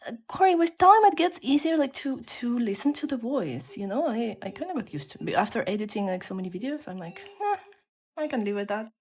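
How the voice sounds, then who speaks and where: A woman with a mixed non-native English accent, chatting casually with viewers on a live stream and slipping into soft whispered asides. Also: on the high side, big pitch swings, a little fast, husky. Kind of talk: casual live-stream chat while coloring.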